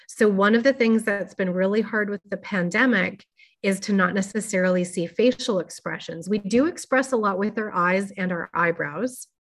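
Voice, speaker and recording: A woman presenting a workshop, explaining things in an informal, careful way with frequent fillers. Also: mid-range voice.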